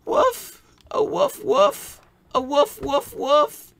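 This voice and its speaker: A woman voicing a frightened, groveling female assistant who begs in a high voice. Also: sing-song, unhurried, a bit bright, exaggerated voice. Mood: desperate. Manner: pleading, high-pitched begging.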